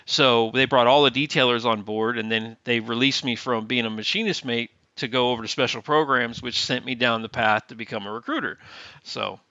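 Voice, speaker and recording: A man's voice: mid-range voice, a little fast, pushed and bright, no room sound. A man, a Navy veteran guest, telling stories in a casual, chatty way with plenty of fillers, on slightly dull, lo-fi audio. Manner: chatty, many fillers, re-enacts dialogue. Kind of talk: casual storytelling interview.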